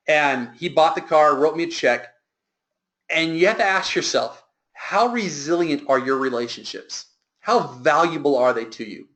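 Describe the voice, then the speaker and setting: A man's voice: on the high side, a bit bright. A man working as a sales trainer, telling an earnest, emphatic motivational story.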